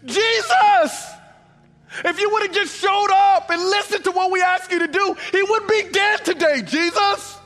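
A man voicing a grieving woman who shouts her anger at Jesus in a sermon. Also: extremely high pitch, a little slow, big-room sound, voice pushed up. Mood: furious. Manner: shouting, accusing.

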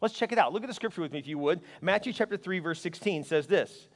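High-voiced man preaching in a big reverberant hall. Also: fast. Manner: lively, conversational, joking with the congregation. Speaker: pastor. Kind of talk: sermon. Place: large church hall.

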